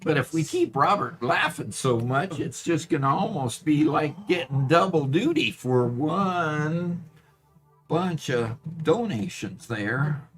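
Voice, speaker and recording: Male streamer host, easygoing and wry, lively intonation. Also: fairly high pitch, slow pace, faint music behind. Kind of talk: casual livestream chat.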